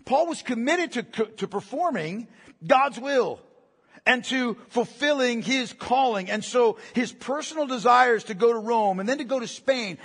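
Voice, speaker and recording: A man's voice: high voice, a bit bright, breathy edge, long reverb tail. A male pastor preaching a sermon, talking conversationally and often tagging lines with "right?". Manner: conversational, frequent "right?" asides. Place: church sanctuary.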